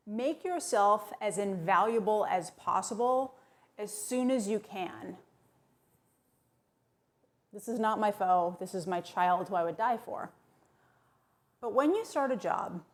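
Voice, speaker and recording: A woman delivering tongue-in-cheek advice in a brisk, sardonic, mock-serious monologue. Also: medium pitch. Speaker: comedic advice vlogger.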